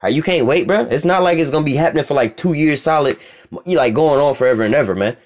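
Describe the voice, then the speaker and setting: A man teaching scripture casually, reading verses aloud slowly and commenting bluntly with street profanity. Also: on the high side. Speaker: religious teacher.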